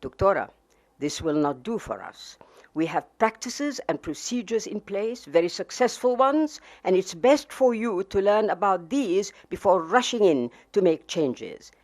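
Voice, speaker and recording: A woman's voice: medium pitch, very animated, measured pace, darkish tone, voice pushed up. A woman reading aloud the lines of a smug, scornful middle-aged male official, in a mocking and condescending manner.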